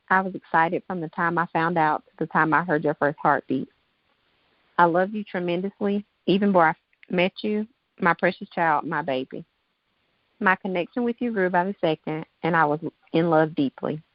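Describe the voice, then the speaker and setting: A woman in her thirties, a guest author, reads her own poem aloud in a slow, heartfelt way. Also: on the low side, dry recording. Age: 30s. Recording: dull lo-fi dry sound.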